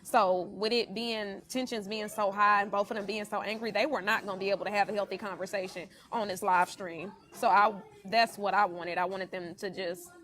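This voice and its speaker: Calm, measured woman explaining. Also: medium pitch. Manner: measured, calming, with small stumbles. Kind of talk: calm explanation on a live stream.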